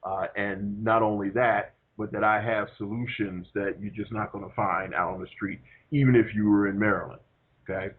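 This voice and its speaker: A man's voice: on the low side, steady tone, normal speed, slightly rough. A man, himself a longtime veteran, coaching a job seeker over the phone in a reassuring, easygoing way. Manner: reassuring, easygoing, hesitant fillers. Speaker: career coach. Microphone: telephone. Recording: tinny phone line.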